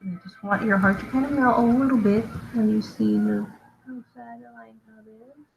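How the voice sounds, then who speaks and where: A woman's voice: fairly high pitch, normal speed, vocal fry, muffled recording, a little hiss or hum. A young woman artist casually talking through her storyboard drawing, chatty and self-deprecating as she thinks aloud.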